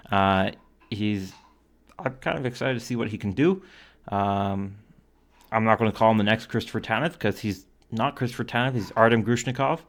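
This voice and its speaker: A man from Canada giving casual solo commentary, reading out stats and quotes with lots of fillers. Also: lowish voice. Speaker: hockey commentator.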